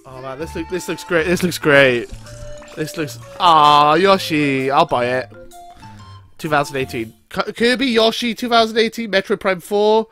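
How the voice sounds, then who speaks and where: A man watching a game showcase and reacting out loud, excited, swearing and talking to himself. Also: on the high side, moderate pace, soft background music. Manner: excitable, shouting and swearing in bursts. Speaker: reaction video maker. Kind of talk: live reaction commentary.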